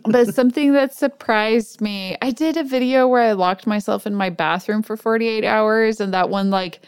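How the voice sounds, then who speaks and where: Smooth-voiced woman, relaxed interview guest. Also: on the high side, normal speed, no room sound. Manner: relaxed, rambling, frequent "like" fillers. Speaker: guest maker and video creator. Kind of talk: casual interview chat.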